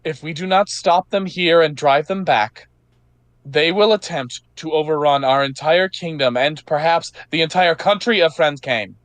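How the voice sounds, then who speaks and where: A man's voice: on the high side, moderate pace, fairly bright tone, no echo, voice pushed up, close to an everyday voice. A man voicing a young woman knight giving a rousing speech to a crowd. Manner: rousing speech, raised proclaiming voice. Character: young woman knight rallying the people, defiant.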